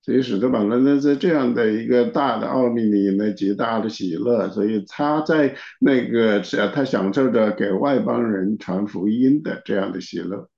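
Gravelly dark-voiced male sermon interpreter. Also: on the low side, normal speed, few pauses. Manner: steady, with frequent filler particles. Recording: dull, echoey room recording.

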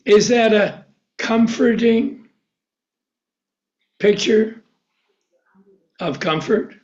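A man with a high voice preaches a sermon, posing questions and answering them himself. The recording is dull and lo-fi. He reads scripture and explains it to his hearers. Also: animated, measured pace. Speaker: pastor.

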